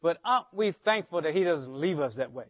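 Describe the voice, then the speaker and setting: A man's voice: a little high, animated, a little fast, dry recording. A man preaching a sermon as pastor, often asking the congregation rhetorical questions. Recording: dull lo-fi sermon audio.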